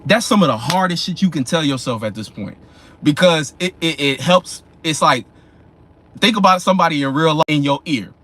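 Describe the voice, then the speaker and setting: A man's voice: a little high, expressive, a bit bright. A man giving a casual astrology talk in a loose, profane, slangy way. He often asks "you know what I'm saying" and acts out the people in his examples. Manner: acts out imagined people in quick voices. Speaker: astrology vlogger.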